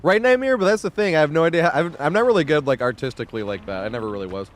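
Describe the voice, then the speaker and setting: A man casually chatting on his live gaming stream, rambling and laughing a lot, relaxed and stoned, with frequent casual swearing. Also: a little high, very fast, slight background noise.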